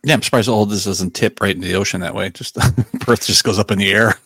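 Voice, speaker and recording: A man co-hosting a podcast, excitable and laughing a lot in casual chat. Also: on the low side, fast, husky, no room sound, clean studio sound. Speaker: podcast co-host.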